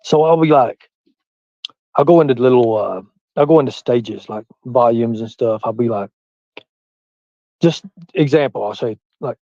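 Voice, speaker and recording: A man's voice: medium pitch, unhurried, pauses often, mellow, no room sound, muffled recording. Rambling man with a hillbilly drawl. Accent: Southern US hillbilly. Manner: rambling, swears freely, reads chat aloud. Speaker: livestream host. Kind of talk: casual livestream chat.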